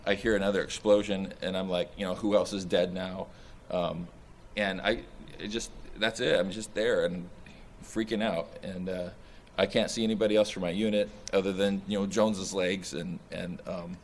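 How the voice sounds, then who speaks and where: A young man, a soldier in therapy, recounting combat in a halting, distressed way with many restarts and fillers; he sounds shaken and nauseous. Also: deep voice, fairly even intonation, a little hiss or hum.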